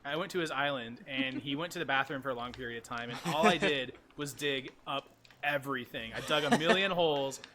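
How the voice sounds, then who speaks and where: A man's voice: medium pitch, fairly quick, sharp tone, slight background noise. A man hosting a livestream, chatting casually and playfully, poking fun at himself while he plays a game. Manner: playful, self-deprecating, chatty. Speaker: host.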